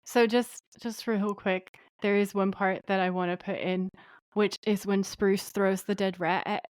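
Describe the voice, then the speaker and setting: Recorded dry with clean studio sound, a podcast co-host recaps an episode in a relaxed, animated way, putting on voices to quote the characters. She speaks a little slowly, with a medium-pitched voice.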